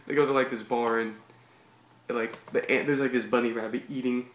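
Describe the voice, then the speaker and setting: A man's voice: medium pitch, fairly even intonation, normal speed. Laid-back slangy man reading comics aloud. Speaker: comic read-along host. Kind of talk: casual comic reading and commentary. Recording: echoey room with background hiss.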